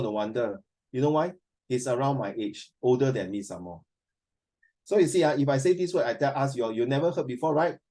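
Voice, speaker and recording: A man's voice: mid-range voice, dark tone. A man with a Singaporean accent teaching a class, chatty and full of fillers, quizzing his students as he goes. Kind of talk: classroom lecture.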